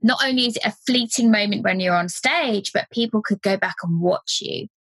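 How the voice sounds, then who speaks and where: A woman's voice: medium pitch, fairly quick, a bit bright, slightly rough, no room sound. Enthusiastic woman podcast host, dry sound. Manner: enthusiastic, affirming. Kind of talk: podcast interview.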